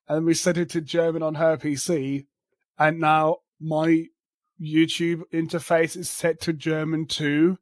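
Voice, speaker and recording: A man with a somewhat high voice co-hosts a casual podcast, laughing often and swearing freely. Between the banter he reads news items aloud. The sound is dry and close, with no room echo. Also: level tone, measured pace. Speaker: podcast co-host.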